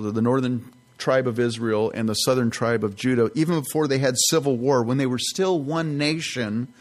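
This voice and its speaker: Man preaching a relaxed Bible sermon. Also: mid-range voice. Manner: conversational, earnest, with casual asides. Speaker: pastor.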